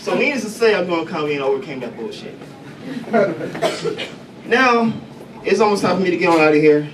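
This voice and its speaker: A man from Chicago doing stand-up comedy in a coffee house, loose and profane with deadpan punchlines. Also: high-pitched, normal speed, pauses often. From Chicago, USA. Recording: distant mic, noisy café room.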